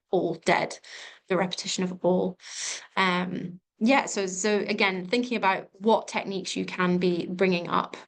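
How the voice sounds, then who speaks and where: A young woman talks through an exam revision lesson in an even, level voice that barely rises or falls. She hesitates often, filling gaps with ums and starting sentences over as she thinks aloud. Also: mid-range voice, vocal fry. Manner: hesitant, many ums and restarts. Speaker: revision tutor.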